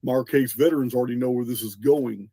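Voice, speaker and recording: A man's voice: mid-range voice, brisk, mellow, breathy edge, no echo. A man hosting a podcast, explaining in an earnest lecturing monologue, often restarting words and spelling out names, with a bit of a cough. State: coughing, clearing throat. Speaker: podcast host.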